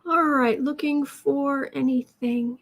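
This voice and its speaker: Tarot reader host, woman, slightly high voice, loose and chatty, thinks aloud between questions. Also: steady tone, takes it slowly. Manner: chatty, reads out questions, talks to her cat in a soft baby voice. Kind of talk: casual livestream chat.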